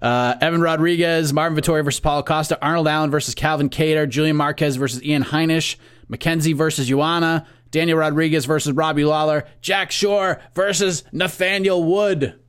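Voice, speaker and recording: An American man co-hosting a casual sports podcast, calmly reading through lists of fight matchups. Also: fairly high pitch, fairly quick, clean tone. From United States. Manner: relaxed, reads lists of matchups. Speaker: podcast co-host.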